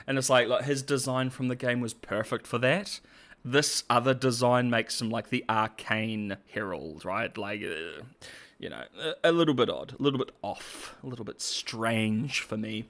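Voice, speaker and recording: A man with a Cockney accent giving casual, rambling commentary as a host, full of restarts and quick laughs. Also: mid-range voice, a bit bright. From England.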